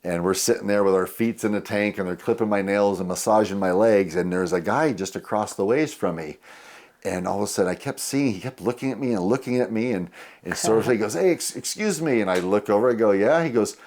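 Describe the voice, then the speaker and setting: A man's voice: lowish voice, quick pace, darkish tone. A man in his sixties, a guest on a podcast, telling rambling anecdotes full of fillers. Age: 60s. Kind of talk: casual storytelling.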